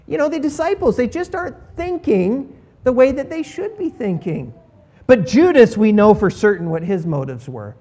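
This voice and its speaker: Animated, sarcastic male preacher. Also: high voice, brisk. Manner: animated, emphatic storytelling with playful sarcasm. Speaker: pastor. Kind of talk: sermon.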